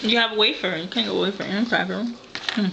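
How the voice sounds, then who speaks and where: A woman's voice: mid-range voice, fairly even intonation, brisk, creaky, highs cut off. A young woman filming small children at a home meal, coaxing them in sing-song baby talk. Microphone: handheld home camcorder. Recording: loud background noise on a home camcorder.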